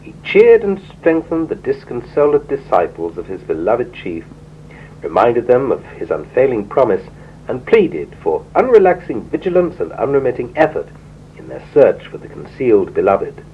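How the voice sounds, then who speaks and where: A man reads a history book aloud in a measured, expressive way, his pitch moving widely across each sentence. The recording is dull and lo-fi. A faint hum sits underneath his voice. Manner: measured, expressive reading with rising emphasis on quotes. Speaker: reader.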